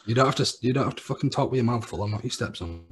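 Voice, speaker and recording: A man co-hosting a wrestling podcast, making blunt, sweary, deadpan predictions in casual chat. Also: medium pitch, rapid-fire, slight background noise. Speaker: podcast co-host.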